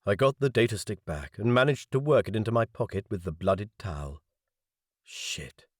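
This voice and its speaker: A man reading a science fiction audiobook in first person, measured and wry. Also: fairly low pitch, no echo, studio quality. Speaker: audiobook narrator.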